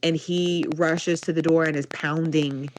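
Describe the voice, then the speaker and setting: A woman's voice: sits low, a little slow, a little hiss or hum, poor audio. A young woman co-hosting a podcast, animatedly telling a story in casual chat and saying "like" a lot. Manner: animated storytelling, heavy use of "like". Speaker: podcast co-host.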